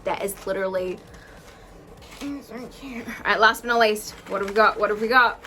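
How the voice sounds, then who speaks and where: A young woman in her twenties unboxing earrings on a casual vlog, gushing and gasping with excitement. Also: mid-range voice, normal speed, a little hiss or hum, poor audio. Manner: gushing, excitable, gasps and squeals often. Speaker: vlogger unboxing jewellery. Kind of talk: casual chat to camera.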